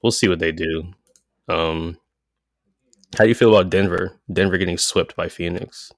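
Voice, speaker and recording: A man co-hosting a podcast, talking sports in a relaxed way with lots of fillers. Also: sits low, moderate pace, gravelly, dry recording, studio quality. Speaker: podcast co-host. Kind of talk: casual sports chat.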